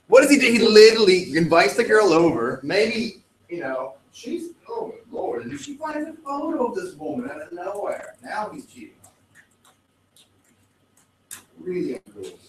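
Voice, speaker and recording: A male teacher lecturing a class, animated and joking with his students. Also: high voice, normal speed, pauses often, slight background noise. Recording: echoey classroom with faint ambience.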